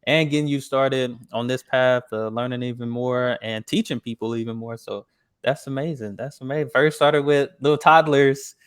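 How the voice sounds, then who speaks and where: A young man from Texas hosts a laid-back interview in an American accent. His voice sits at an average pitch, and he talks in long, rambling runs, heaping on praise and often repeating himself. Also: fairly even intonation, moderate pace, clean tone. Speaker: podcast host. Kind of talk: casual interview chat.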